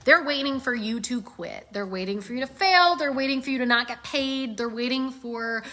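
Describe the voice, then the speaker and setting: A middle-aged woman giving casual sales coaching, animated and acting out customer voices as she talks. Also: a little high, normal speed. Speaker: sales trainer.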